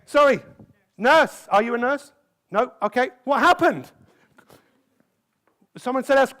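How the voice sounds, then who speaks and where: Male motivational speaker, high-pitched, peppers the crowd with quick questions, live conference talk. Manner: lively, keeps asking the crowd questions. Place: conference stage.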